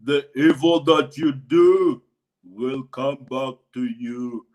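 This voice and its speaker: A solemn hunchbacked stranger from a spoken folk tale, voiced by a male storyteller. The voice sits far below his normal pitch and moves at a slow, weighty pace, each phrase given as a warning. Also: darkish tone, close to an everyday voice. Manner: slow, grave pronouncements. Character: mysterious hunchbacked old man, solemn.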